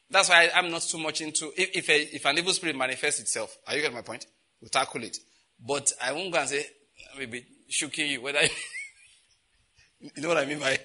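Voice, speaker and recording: A man's voice: mid-range voice, bright, forceful tone. A man preaching a conversational sermon, laughing often and asking his listeners rhetorical questions. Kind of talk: sermon teaching.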